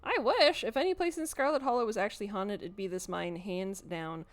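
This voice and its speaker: A woman's voice: mid-range voice, brisk, close to an everyday voice. A woman playing a chatty young ghost hunter, breezy, upbeat.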